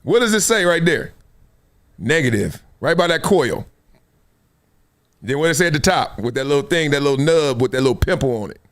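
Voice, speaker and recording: A man with a higher-than-usual voice hosts a live sports show. His pitch swings widely as he preaches, acts out little scenes and breaks into laughs. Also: animated, a little fast, pauses often, a bit bright. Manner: preachy storytelling, acts out quotes, laughs often. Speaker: host. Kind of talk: animated sports talk.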